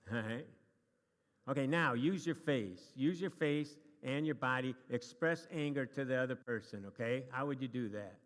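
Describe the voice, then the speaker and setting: A man with a medium-pitched voice gives a casual lesson to a live group in a church meeting room, speaking at a moderate pace. Chatty and prone to jokes, he makes many restarts, and the recording has the long reverb of a hall.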